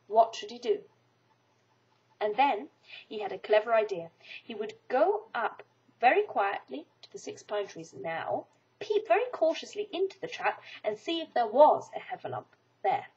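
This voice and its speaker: A woman reading a children's storybook aloud in an expressive, animated way. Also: on the high side, moderate pace, breathy edge. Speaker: storybook reader. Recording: dull lo-fi recording.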